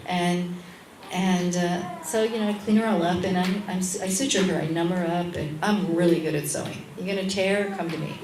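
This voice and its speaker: Animated woman midwife telling a story. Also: fairly low pitch, moderate pace, reverberant, recorded from a distance, a little hiss or hum, poor audio. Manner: animated, acts out the voices in her stories. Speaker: midwife, interview guest. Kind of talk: lively anecdotal storytelling. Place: restaurant at a lunchtime public talk.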